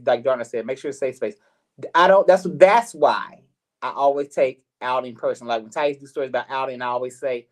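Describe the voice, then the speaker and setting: A middle-aged man hosting a live talk show, telling a personal story in an animated way, repeating words and acting out what others said. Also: medium pitch. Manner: animated, repeats words, acts out quoted voices. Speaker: host.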